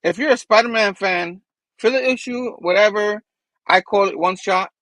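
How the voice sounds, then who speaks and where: A man co-hosting a casual comic book review, speaking relaxed and loose with lots of fillers. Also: high voice, normal speed, dry recording. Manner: relaxed, filler-heavy, lots of "you know what I mean". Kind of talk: casual chat.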